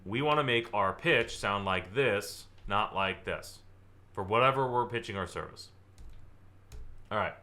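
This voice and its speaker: Energetic man teaching sales, bright voice. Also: on the low side, measured pace. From Southern California. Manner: energetic, acts out client dialogue, exaggerates for effect. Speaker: sales trainer. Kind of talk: live online training presentation.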